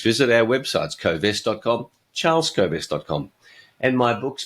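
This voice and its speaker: An older man hosting his own podcast, telling jokes and giving blunt opinions with a chuckle. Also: on the low side. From Australia. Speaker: podcast host.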